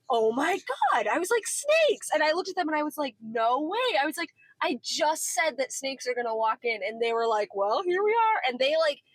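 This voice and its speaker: A woman's voice: high voice, no room sound, low-quality recording. A woman in her twenties chatting casually in a car, telling a story with lots of acted-out dialogue. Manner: animated, acts out quoted dialogue. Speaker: podcast co-host.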